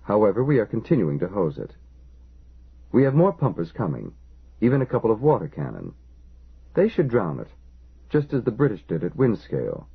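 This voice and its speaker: Male reader as a dismissive fire general: husky, low-pitched, lively. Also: normal speed, long pauses, exaggerated voice. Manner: curt, dismissive. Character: proud sarcastic male fire brigade general. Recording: lo-fi phone-like audio.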